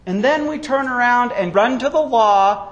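A man with a high voice preaches a sermon as a pastor, and his delivery swings up and down for emphasis. He addresses the congregation directly and closes in prayer. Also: normal speed, a bit bright, muffled recording. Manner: emphatic preaching with sweeping rises and falls.

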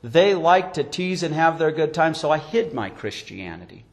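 A man preaching a sermon as pastor, telling stories and acting out quotes, with sharp rises and drops in his voice. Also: on the high side, big pitch swings, normal speed, vocal fry.

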